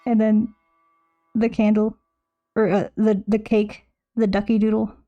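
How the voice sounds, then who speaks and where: A woman's voice: medium pitch, level tone, unhurried, warm tone, lo-fi sound, soft background music. A young woman streaming, chatting casually and playfully with her chat as she draws, rambling and restarting her sentences.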